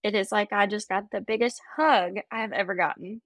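A woman's voice: medium pitch, steady tone, a little fast, fairly bright tone, no echo. A woman at a spirit reading, answering with brief affirmations and recounting a dream. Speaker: sitter at a reading. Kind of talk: casual chat.

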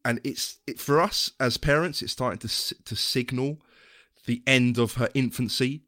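A man's voice: mid-range voice, normal speed, bright, forceful tone, no room sound, studio quality. A man, co-hosting a casual podcast chat, talking with many ums and restarts. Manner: hesitant, full of ums and restarts. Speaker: podcast co-host.

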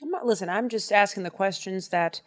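A woman co-hosting a casual podcast, retelling a Bible story in slangy everyday speech. She is animated and acts out the characters' lines as she talks. Her voice sits at a middle pitch. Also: brisk. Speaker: podcast co-host.

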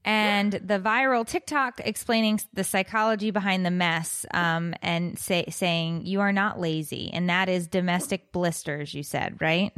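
A woman's voice: fairly low pitch, unhurried, few pauses, smooth, no echo. Exasperated woman podcast co-host, dry sound. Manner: joking, exasperated, animated storytelling. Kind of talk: casual chat.

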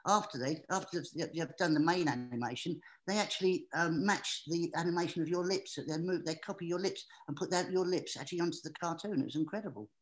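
A man with a high, squeaky, distinctive voice, telling anecdotes as an excitable, animated guest. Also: fast, hardly any pauses, low-quality recording. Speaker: guest entertainer. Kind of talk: anecdotal storytelling.

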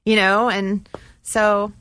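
A woman's voice: medium pitch, flat delivery, slow, a crowd in the background. A woman who co-owns a vegan diner, chatting casually and telling a story full of "like" and acted-out quotes. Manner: chatty, fills with "like" and quoted asides. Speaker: chef and diner co-owner.

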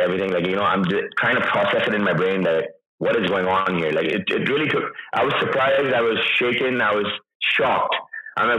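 A man's voice: sits low, fairly quick, echoey room, highs cut off. A man in his thirties telling his own story in an interview, emotional and hesitant, with many restarts. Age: 30s. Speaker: interview guest. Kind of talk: personal account in an interview.

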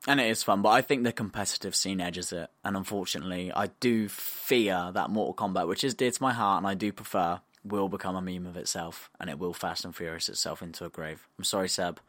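A man's voice: brisk, hardly any pauses, no echo. A man co-hosting a podcast, bantering casually and voicing strong opinions. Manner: opinionated, lively, drops to a low mutter when arguing. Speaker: podcast co-host.

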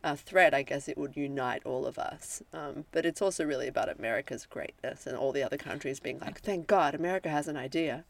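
A podcast co-host in casual film chat, rambling with halting restarts, fond and playful. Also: medium pitch, vocal fry, a bit bright. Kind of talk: casual chat about films.

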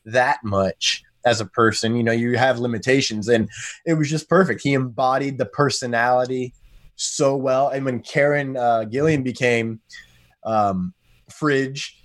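An American man chats as a podcast guest, rambling and animated, his mid-range voice leaping upward when he gets excited. The recording is close-miked and dry. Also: mid-range voice, a little slow, dry recording. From United States. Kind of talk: casual podcast chat.

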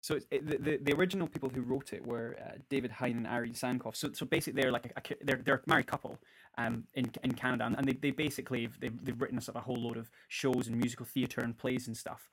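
A young man co-hosts a casual podcast. He rambles and fills pauses while hunting for the right word, with a mid-range voice. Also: medium pitch, steady tone. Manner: rambling, searching for words, many fillers. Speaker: podcast co-host. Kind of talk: casual chat about a musical.

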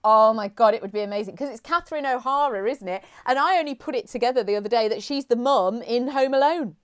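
Chatty woman, slightly high voice. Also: fast, clear, resonant tone. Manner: enthusiastic, chatty, recommending with restarts. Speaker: podcast co-host. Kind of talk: casual chat.

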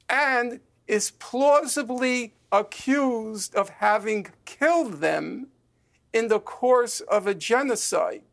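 A man speaks as a guest in a heated televised debate. His delivery is unhurried and gravelly, with a rough fry under the words. He keeps pressing the host, insistent and deliberate. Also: high voice, fairly bright tone.

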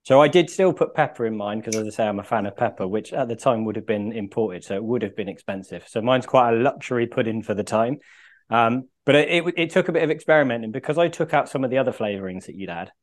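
A man's voice: medium pitch, fast talker. Man host talking while chewing. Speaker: podcast host. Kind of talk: casual podcast interview.

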